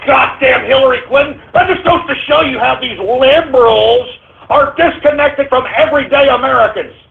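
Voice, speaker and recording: A man's voice: very high-pitched, moderate pace, creaky. A man hosting a political talk radio show, ranting angrily and swearing often. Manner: angry, profane, ranting. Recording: narrow phone-like lo-fi sound.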